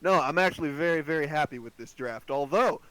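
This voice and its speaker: A man's voice: on the high side, fairly quick, fairly bright tone, clean tone, low-quality recording. Dry-teasing young man on a computer mic. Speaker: podcast co-host. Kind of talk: casual chat. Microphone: computer microphone on a remote call.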